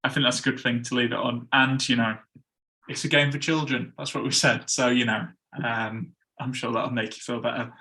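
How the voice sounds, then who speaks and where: A man's voice: medium pitch, little pitch movement, moderate pace, sharp tone. A man hosting a casual podcast chat, chatty and laughing at his own slip-ups. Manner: chatty, stumbles over ad reads and laughs at himself. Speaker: podcast host.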